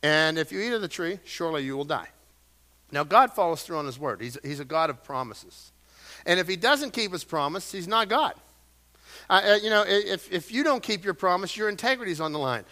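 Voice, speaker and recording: Middle-aged male pastor, bright and forceful, a bit high, folksy storyteller in the pulpit. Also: animated, fairly quick. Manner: folksy, storytelling, self-deprecating asides. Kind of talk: sermon. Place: church sanctuary.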